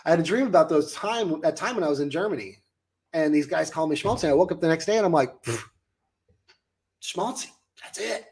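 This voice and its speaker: Late-thirties American man, coach and host, animated storyteller. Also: a little high, quick pace. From United States. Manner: animated, acts out his own past lines. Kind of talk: casual storytelling chat.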